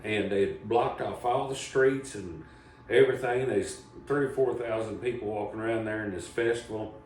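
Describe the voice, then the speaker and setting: A man's voice: fairly low pitch, darkish tone. Man, folksy storyteller, rambling comic host, echoey room, mic a bit distant. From Southern Appalachia, US. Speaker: comedy show host. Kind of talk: casual storytelling. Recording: echoey room, voice from a distance, faint background noise.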